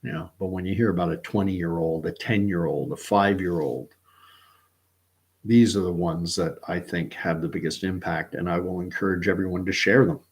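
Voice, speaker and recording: Low-voiced man rambling earnestly. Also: steady tone, moderate pace. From Canada. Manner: rambling, self-correcting, earnest. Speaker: livestream host. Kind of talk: casual opinion monologue.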